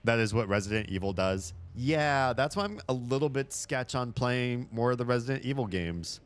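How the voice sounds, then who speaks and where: A man's voice: medium pitch, expressive, moderate pace. A young man chatting casually and swearing freely while playing through a horror game. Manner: chatty, swears freely, laughs at his own jokes. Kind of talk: casual let's-play commentary.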